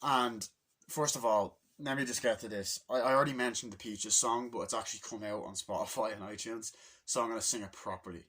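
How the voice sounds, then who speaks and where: Male reviewer, casual and rambling, excited, swears freely, bright timbre. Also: lowish voice, fairly quick, husky. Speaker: movie reviewer.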